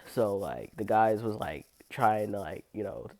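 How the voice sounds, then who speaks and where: A young woman with an unusually low voice, telling a blunt, profane story about her cleaning job in a casual vlog. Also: lively intonation, unhurried, dark tone. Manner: blunt, profane, heavy use of "like", laughs often. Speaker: restroom and locker room cleaner.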